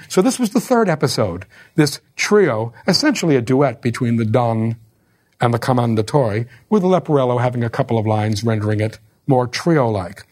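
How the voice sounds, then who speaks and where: A man's voice: mid-range voice, animated, normal speed, a little mellow. A man giving a lecture on opera, explaining scenes in a wry, conversational way with ironic asides.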